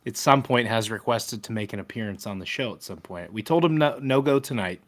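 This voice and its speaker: A man in his thirties co-hosting a casual sports podcast, chatty and joking, with animated retellings. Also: on the low side, a little fast. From Ohio. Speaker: podcast co-host.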